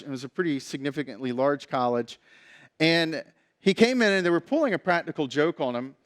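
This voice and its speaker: A man's voice: a little high, a bit bright, smooth. A male pastor preaching a sermon in a conversational, storytelling way.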